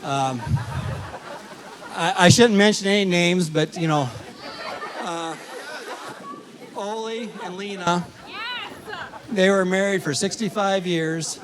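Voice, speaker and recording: A man's voice: high voice, crowd noise, noisy background. Folksy man giving a wedding toast. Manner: folksy, halting storyteller with many fillers. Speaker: wedding toast speaker, family of the bride. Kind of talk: wedding speech with a joke. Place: wedding reception.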